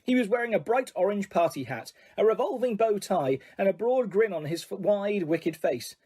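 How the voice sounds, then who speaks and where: A man narrating an audiobook. He tells the story steadily, now and then stumbling over a word. His voice is high for a man. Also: moderate pace, slightly rough. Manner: steady storytelling with small slips.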